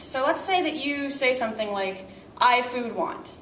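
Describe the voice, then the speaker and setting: Slightly bright and pitched on the high side, this young language teacher's voice is animated at a moderate pace as she explains methods one step at a time, frequently asking "right?" The room is echoey, she is distant from the mic, and there is slight background noise.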